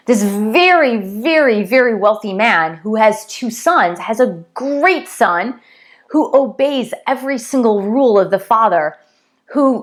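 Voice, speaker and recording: A woman giving an earnest spiritual teaching, retelling a parable and stressing her points through repetition. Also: medium pitch.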